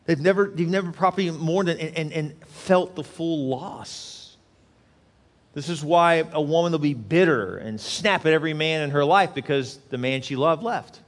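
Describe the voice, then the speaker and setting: A man's voice: a little high, in a large hall. A male pastor preaching a sermon in an earnest, repetitive way, acting out quotes as he goes.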